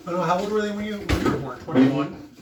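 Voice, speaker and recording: At a noisy breakfast table, a family member chats casually with a high, expressive voice and a quick pace, joking, swearing and laughing often. The recording sounds roomy and distant.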